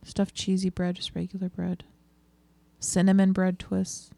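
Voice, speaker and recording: A woman's voice: fairly low pitch, monotone, a little slow, creaky, warm tone, no echo. A woman in casual chat with a friend, blunt and crude and joking.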